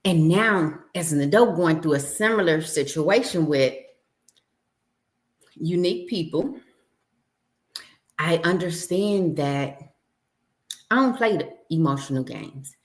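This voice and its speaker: Low-voiced woman telling a story. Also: slow pace, pauses often, echoey room. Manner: animated storyteller, acts out dialogue. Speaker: livestream host. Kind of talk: casual personal storytelling. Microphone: home livestream setup.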